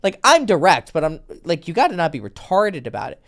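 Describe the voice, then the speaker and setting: Lively, animated man coaching on dating. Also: fairly high pitch, brisk. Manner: animated storytelling, acts out quoted texts; blunt, swears casually. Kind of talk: casual podcast conversation.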